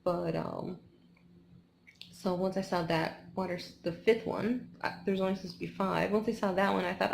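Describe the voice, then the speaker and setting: A woman's voice: medium pitch, steady tone, a little fast, gravelly, darkish tone, slight background noise. A woman in her twenties chatting casually in a vlog after a race, tired and rambling with lots of "like" and restarts. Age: 20s. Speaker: vlogger.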